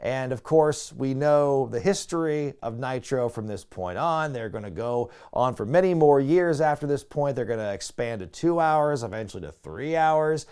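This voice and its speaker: Casual male reviewer, middle-pitched, chatty and excitable, swings his pitch a lot. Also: moderate pace, few pauses, clear, resonant tone. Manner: chatty, excitable, laughs at his own asides. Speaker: wrestling show reviewer. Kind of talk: casual video review commentary.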